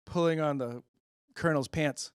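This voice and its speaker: A man's voice: a little high, normal speed, clear, resonant tone, no echo, clean studio sound. A middle-aged man hosting a stand-up comedy monologue, rambling with self-deprecating, muttered asides. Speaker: comedian host.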